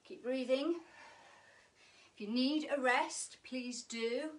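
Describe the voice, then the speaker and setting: A woman's voice: high voice, slow, recorded from a distance. A woman teaching a live online fitness class, chatty and encouraging, joking as she works out and slightly out of breath. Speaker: pilates instructor.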